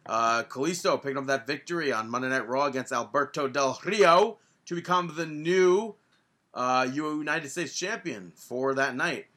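A man trades casual banter as a podcast co-host. His voice carries a bright, forward edge. He tells stories with excited leaps in pitch. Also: normal speed. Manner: animated storyteller, jumps in pitch when excited. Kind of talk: casual wrestling podcast chat.

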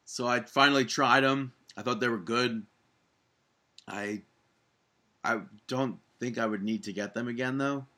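A man's voice: medium pitch, unhurried, pauses often, bright, forceful tone. A man hosting a wrestling podcast, chatting casually and upbeat, laughing easily. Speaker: podcast host. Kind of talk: casual chat.

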